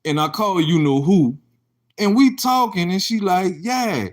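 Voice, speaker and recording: Young guy telling a cussing-heavy storytime, kinda high voice, pitch all over the place. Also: measured pace. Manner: profane, animated, acts out quoted exchanges. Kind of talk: casual storytime monologue.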